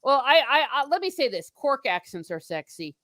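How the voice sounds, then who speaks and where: A woman's voice: high voice, very animated, moderate pace, a bit bright, no echo. A woman from Ireland hosting a casual book discussion stream, chatting in a rambling way and reading out viewer comments. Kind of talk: casual livestream chat.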